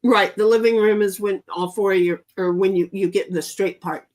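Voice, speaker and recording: A woman hosts a casual livestream, playing a board game while chatting and reading viewer comments aloud. Her medium-pitched voice is steady, a little fast, and somewhat dark in tone.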